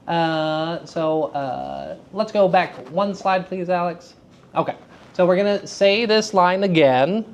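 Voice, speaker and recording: A man teaching a class of young actors, lively and enthusiastic, often checking in with questions to his students. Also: high-pitched. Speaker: theater teacher giving a lecture. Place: school hall with student audience.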